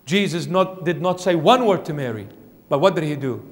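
A man preaching a sermon in a church, emphatic, swinging between fervent outbursts and quiet low passages. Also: lively intonation, normal speed, long reverb tail. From Australia. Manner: emphatic, rising to fervent peaks then dropping low. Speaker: bishop preaching.

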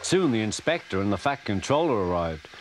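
A man from England with a Liverpool accent narrating a children's storybook in a lively manner, on old tape audio. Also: lowish voice, a little fast, music in the background.

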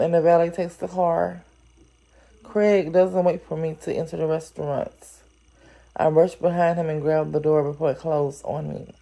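A woman with a low, gravelly voice and a dark, mellow tone reads a story aloud without hurrying. She reads steadily but now and then breaks off for animated, chatty asides, exclaiming over what she's reading.

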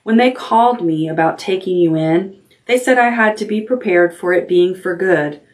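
A woman reading the lines of a kindly, slightly awkward middle-aged aunt in a gentle, earnest voice. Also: on the low side, moderate pace, far from the mic, close to an everyday voice.

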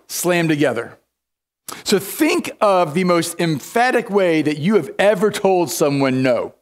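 High-voiced man preaching a sermon. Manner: emphatic, repeats words and restarts often. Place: church sanctuary.

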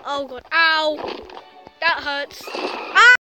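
A woman commenting on a physics game she is playing, excitable and teasing, trash-talking the crash dummy on screen. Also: high-pitched, very slow. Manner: excitable, shouts and trash-talks the game character. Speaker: gameplay commentator. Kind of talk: excited let's-play commentary. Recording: loud game music behind.

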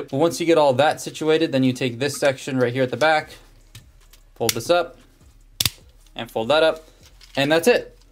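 A man at an ordinary middle pitch reviews a toy in an offhand, chatty way. He narrates each step as he handles it and pokes fun at himself along the way. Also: a little hiss or hum. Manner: chatty, self-deprecating, talks through hands-on steps. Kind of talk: casual toy review and transformation walkthrough.

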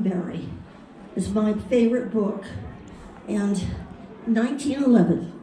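A woman's voice: fairly high pitch, dark tone, far from the mic, a little hiss or hum. Older woman in an echoey hall. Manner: chatty, fond, reminiscing. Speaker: convention panel guest. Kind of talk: storytelling anecdotes. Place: large convention hall.

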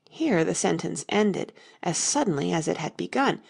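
A woman narrating a storybook in a steady, measured reading. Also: fairly low pitch, gravelly, slightly rough. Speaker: audiobook narrator.

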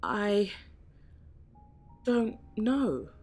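A woman's voice: mid-range voice, big pitch swings, very slow, faint music behind, voice pushed up, exaggerated voice. A lonely wistful whale, read by a woman. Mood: hesitant. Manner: soft, hesitant, near tears.

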